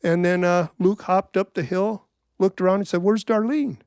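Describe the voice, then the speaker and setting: A middle-aged man telling a folk tale in a wry, folksy, animated way. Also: high-pitched, moderate pace, clean tone, no room sound, clean studio sound. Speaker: storyteller. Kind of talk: told folk-tale storytelling.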